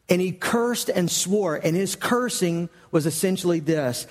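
A man's voice: sits high, measured pace, long reverb tail. A male pastor preaching a sermon, telling the story conversationally and acting out the quoted lines.

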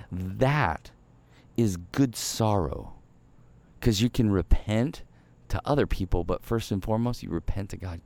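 A male pastor gives a sermon in an easy, conversational way, with a fairly low voice. He acts out everyday apologies in quoted voices and slows right down to stress his key points. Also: creaky, dark tone.

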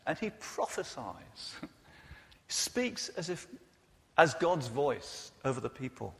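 A man's voice: on the high side, very animated, takes it slowly. A man preaching a sermon in a church, earnest and personal in his delivery. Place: church hall. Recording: reverberant church hall.

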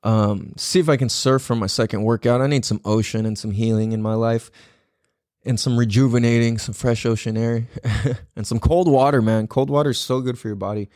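A man's voice: mid-range voice, fairly even intonation, a little fast, a little mellow, no room sound, clean studio sound. A man hosting his own podcast, telling a rambling, profane story in a casual solo style, just back from a run. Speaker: podcast host.

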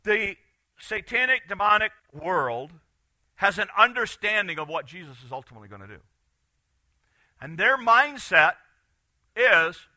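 A man preaching a sermon as pastor, animated, swinging from loud bursts to quiet asides. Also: on the high side, normal speed, long pauses, no room sound.

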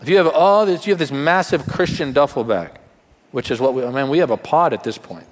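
A man's voice: fairly high pitch, animated, brisk, in a large hall. A male pastor giving a sermon in a conversational way, with rhetorical questions and humor.

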